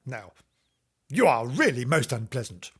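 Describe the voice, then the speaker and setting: A prim mother scolds in a stern, proper tone. A man lifts his voice a little to play her, keeping a breathy softness. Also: medium pitch, very animated, a little slow.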